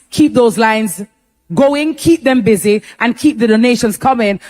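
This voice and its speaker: A woman with a Jamaican accent hosting a live telethon, bantering in lively patois-laced talk. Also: fairly high pitch. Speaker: telethon host.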